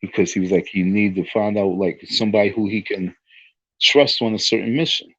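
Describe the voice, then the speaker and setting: A man's voice: fairly low pitch, fairly even intonation, brisk, fairly bright tone, dry recording, muffled recording. A man telling a rambling story in a casual monologue, often restarting his sentences. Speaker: online talk show host.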